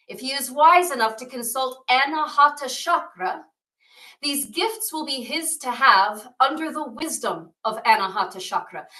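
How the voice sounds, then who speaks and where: A woman doing an excited god, bright and insistent. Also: high voice, reverberant, recorded from a distance, heavily acted, poor audio. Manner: eager, insistent, earnest. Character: excited, self-assured male Hindu god.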